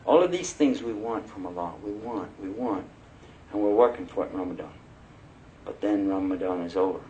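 A man preaching a sermon, telling personal stories in a lively way and laughing as he goes. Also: sits low, fairly quick, dull audio, slight background noise. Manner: animated, laughing storyteller. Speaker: Muslim preacher.

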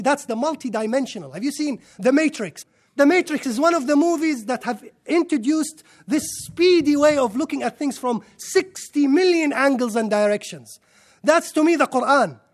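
A man giving an impassioned religious lecture to a live audience, excitable and firing rhetorical questions at the listeners. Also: very high-pitched. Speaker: Islamic lecturer.

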